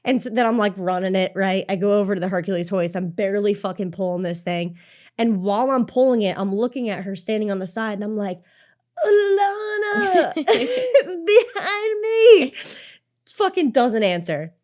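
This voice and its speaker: Animated, swearing woman telling a race story. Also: mid-range voice, fast. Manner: animated, swears freely, heavy use of "like". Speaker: obstacle course racer and coach. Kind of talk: casual podcast storytelling.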